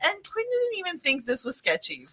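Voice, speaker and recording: A woman co-hosting a podcast, chatting casually about an episode with animated, wry commentary. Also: very high voice, normal speed, very noisy. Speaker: podcast co-host. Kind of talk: casual recap chat.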